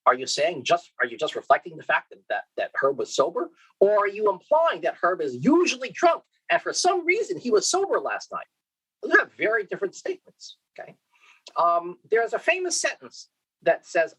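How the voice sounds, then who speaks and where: Man, keynote lecture, animated pitch, slightly breathy, rhetorical questions. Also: moderate pace, rough recording. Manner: lively, questioning, frequent "okay?" and restarts. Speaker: keynote speaker. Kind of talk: conference lecture.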